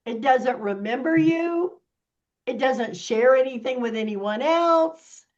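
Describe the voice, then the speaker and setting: A woman with a somewhat high voice talks slowly and deliberately, sassy and animated as she explains things step by step to a small group. The sound is dull and lo-fi, like audio from a video call. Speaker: workshop presenter. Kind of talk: casual teaching talk.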